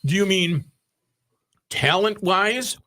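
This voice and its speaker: A man co-hosting a talk radio show who tosses in wisecracks and quick asides. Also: high voice, lively intonation, bright, forceful tone, a little hiss or hum. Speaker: radio co-host. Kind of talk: casual talk radio banter.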